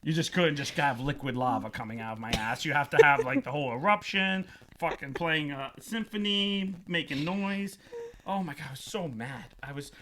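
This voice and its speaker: A man's voice: a little high, normal speed, background noise. A man hosting a podcast, telling a funny story in a casual way. He laughs often and acts out the voices of the people in it. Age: adult, past twenties. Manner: animated, laughing often, acting out quoted voices. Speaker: podcast host.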